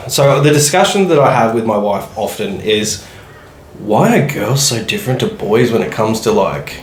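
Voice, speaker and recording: A man with an Australian accent chats in a laid-back, sweary way at a mid-range pitch. His voice sits in an echoey room with a faint hiss of noise beneath it. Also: animated, moderate pace. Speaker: podcast co-host. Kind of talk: casual podcast chat.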